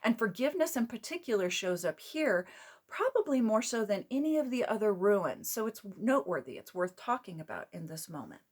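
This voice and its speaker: Female host, casual chatty lesson, mid-pitched, rambling with restarts. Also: very animated, brisk. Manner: chatty, rambling, with fillers and self-corrections. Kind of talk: casual teaching talk.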